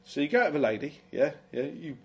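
A man in his fifties with a somewhat raised voice, chatting on a casual comedy show. He tells easygoing stories and fills the gaps with steady agreement. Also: fairly high pitch, quick pace. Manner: chatty and anecdotal, lots of yeahs.

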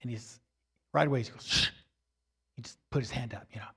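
A man teaching about his faith, telling a personal spiritual story with animated delivery. He repeats himself and often says "you know", and his voice ranges from hushed to near shouting. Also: mid-range voice, quick pace, vocal fry, husky. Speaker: Christian teacher.

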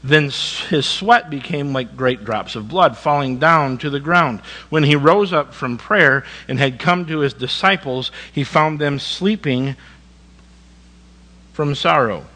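A male pastor preaching a sermon, reading scripture dramatically, with folksy conversational asides and sudden quiet emphasis. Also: a little high, measured pace, rough recording.

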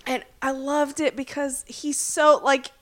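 A woman's voice: high-pitched, level tone, a little slow, a bit bright. A woman co-hosting a podcast in casual chat, enthusiastic and gushing. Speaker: podcast co-host.

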